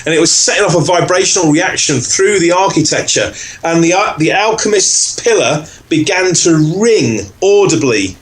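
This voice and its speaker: A man co-hosting a podcast. He tells a story casually and acts out other people's lines in much higher voices. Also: animated, normal speed, few pauses, poor audio. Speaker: podcast co-host. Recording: faint background noise.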